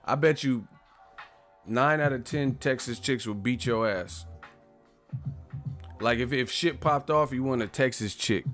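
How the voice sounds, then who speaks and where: There's faint music behind this man in his thirties as he hosts a boxing live stream, laughing and rambling profanely while responding to comments. His medium-pitched voice is a bit bright, with a measured pace and long pauses.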